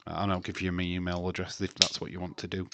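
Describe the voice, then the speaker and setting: A man's voice: low voice, monotone, fast talker, noisy background. A man hosting a wrestling livestream, chatting casually and ranting with plenty of swearing.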